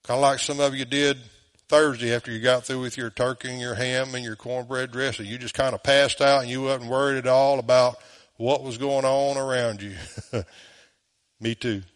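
A man's voice: mid-range voice, a bit bright. A man with a Southern US accent, preaching a sermon as pastor, emphatic and full of rhetorical questions, in a church.

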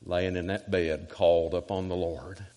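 A man voicing a calm, gentle older pastor with a deep voice, speaking softly and slowly. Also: in a large hall. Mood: soothing.

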